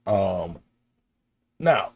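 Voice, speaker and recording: Man, podcast host, deep and slow, easygoing, joking. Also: very animated, creaky, darkish tone, slight background noise. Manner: laid-back, filler-heavy and joking. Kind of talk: casual podcast chat.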